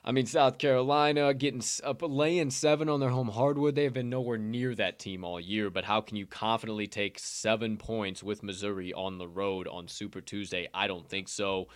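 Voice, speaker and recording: A man's voice: on the low side, fairly even intonation, moderate pace, few pauses, clean tone. A man hosting a sports betting podcast, ranting in casual chat with heavy profanity. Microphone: podcast microphone.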